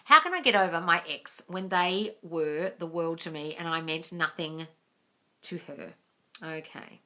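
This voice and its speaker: Bright-voiced woman coaching on a live. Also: lowish voice, measured pace. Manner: direct, reads viewer questions aloud and answers them; calls listeners darling and guys. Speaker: manifesting coach. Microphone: phone on a livestream.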